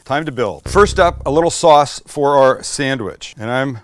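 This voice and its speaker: Man, cooking host, casual demo patter, excitable, salty language, mid-range voice. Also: medium pitch, a little slow. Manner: enthusiastic, swears casually while cooking; talks to the camera crew by name.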